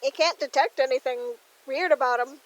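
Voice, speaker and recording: A woman's voice: high-pitched, moderate pace, rough recording. A woman running a tabletop role-playing game as game master, talking casually with many fillers.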